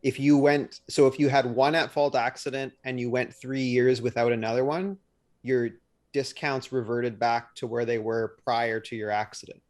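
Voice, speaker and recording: Podcast co-host, man, mid-pitched voice, dry teasing interjections. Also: fairly even intonation, moderate pace, a little mellow. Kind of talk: casual chat.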